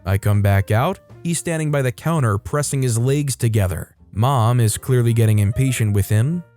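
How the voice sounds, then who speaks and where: A man reading online stories aloud as a scripted narration, in a lively storytelling manner that briefly mimics the people in the stories. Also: mid-range voice, moderate pace, soft background music.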